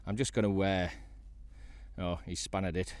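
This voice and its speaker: Out on the sea in a kayak, a North East English fishing vlogger chats away excitedly and addresses the fish he hauls in. His voice sits low and is clear and resonant, at a normal speed, in a dry recording.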